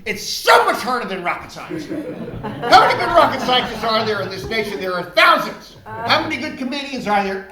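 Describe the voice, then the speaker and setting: A man performing a comic storytelling monologue on a small theater stage, with animated, self-mocking delivery. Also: high-pitched, fast. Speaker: solo performer. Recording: echoey room.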